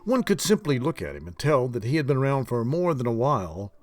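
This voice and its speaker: Expressive male audiobook narrator. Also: medium pitch, a little fast, soft background music. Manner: expressive storytelling.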